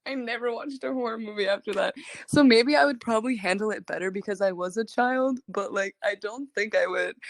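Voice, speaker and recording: A young adult woman talks to her fans on a livestream in a loose, animated storytelling style. She leans on "like" constantly and breaks into laughter between phrases. Her voice sits at an ordinary middle pitch. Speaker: singer chatting with fans.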